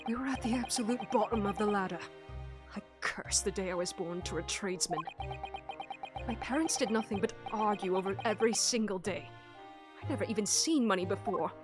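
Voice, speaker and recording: A woman's voice: a little fast, music in the background, lightly acted. A woman voicing a bitter man who confesses to a hard past, in a video game. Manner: low, brooding, somber reading. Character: bitter poor-born male telegraphist confessing.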